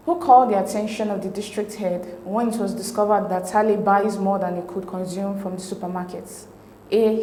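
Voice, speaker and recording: A woman explaining exam answers as a tutor, reading each option in a measured, methodical way. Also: medium pitch, mellow. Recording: roomy echo with faint hiss.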